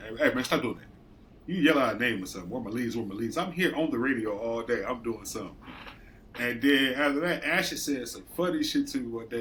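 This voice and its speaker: A man's voice: on the low side, fairly bright tone, a little hiss or hum. A man in his late thirties telling work stories in casual podcast chat, swearing freely and acting out coworkers. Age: late 30s. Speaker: podcast co-host.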